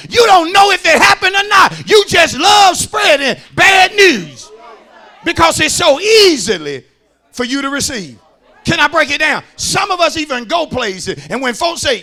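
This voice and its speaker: A man, a pastor preaching a sermon in a church, shouting in a rhythmic, sing-song way and calling out to the congregation. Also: very high voice, big pitch swings, moderate pace.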